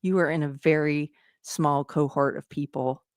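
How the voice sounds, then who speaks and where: A woman's voice: low-pitched, fairly even intonation, normal speed, darkish tone, no room sound, studio quality. A woman hosting her own show, talking earnestly and directly to her viewers in a commentary style. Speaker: show host.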